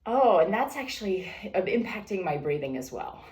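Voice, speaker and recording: A woman talking calmly and breathily while she stretches and breathes, walking through her routine in a room at home. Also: medium pitch, moderate pace, recorded from a distance. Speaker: vlogger leading a stretching routine. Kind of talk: casual narrated stretching session. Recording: echoey room, away from the mic.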